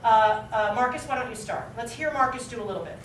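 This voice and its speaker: A woman's voice: a little high, quick pace, a little hiss or hum. A woman acting teacher leading a classroom drill, constantly quizzing her students and checking in with "right?". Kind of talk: classroom instruction. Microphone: far camera. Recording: echoey room from far off.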